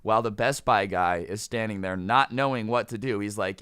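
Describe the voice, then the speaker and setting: A man's voice: lowish voice, animated, a little fast, few pauses, pushed and bright, clear, resonant tone, no echo, clean studio sound. A man telling a storytime vlog in a casual, joking, sarcastic way. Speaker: storytime YouTuber.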